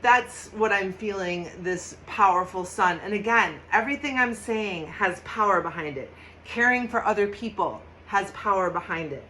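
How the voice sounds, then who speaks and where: Her medium-pitched voice moves at a moderate pace as she leads a relaxed tarot and astrology session. She's chatty and emphatic, laughs a lot, and breaks into loud mock shouting. Audio quality is rough, with some hiss or hum.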